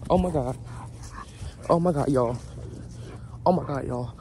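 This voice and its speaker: A young man vlogging on his phone while walking his dog in a park, chatting excitedly to viewers in slangy casual talk. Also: mid-range voice, unhurried, rough recording. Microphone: phone held in hand. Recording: outdoor phone audio with background noise.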